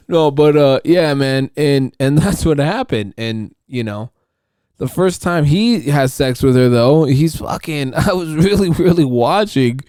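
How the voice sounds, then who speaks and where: A man's voice: mid-range voice, expressive, measured pace, darkish tone, smooth, no echo, clean studio sound. A man hosting his own podcast, talking alone in a loose, rambling, profane monologue. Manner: rambling, profane, restarts and fillers. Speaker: podcast host. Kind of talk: casual solo podcast monologue.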